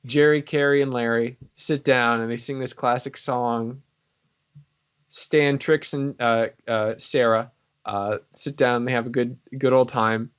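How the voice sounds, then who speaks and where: A man of average pitch co-hosting a podcast, rambling through jokes and tangents with lots of filler words. His audio is a little dull and lo-fi. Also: fairly even intonation, measured pace, clean tone. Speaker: podcast co-host. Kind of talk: casual podcast chat.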